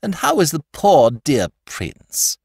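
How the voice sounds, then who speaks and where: A man voicing a gushing middle-aged society woman in a high, effusive voice. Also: wildly swooping pitch, slow pace, gravelly, darkish tone, husky, no room sound, clean studio sound, heavily acted.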